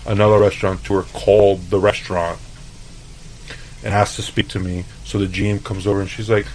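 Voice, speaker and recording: A man from El Paso, a chef, telling stories in a loose, profane, animated way on a podcast. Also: on the low side, a little fast, gravelly, slight background noise, low-quality recording. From El Paso, Texas. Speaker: chef, interview guest. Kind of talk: casual storytelling.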